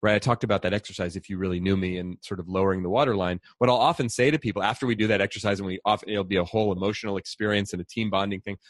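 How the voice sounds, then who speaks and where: A middle-aged man, an author and speaker, telling stories in an animated conversational way and acting out quoted voices. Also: lowish voice, rapid-fire, hardly any pauses, dry recording, clean studio sound. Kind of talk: conversational storytelling.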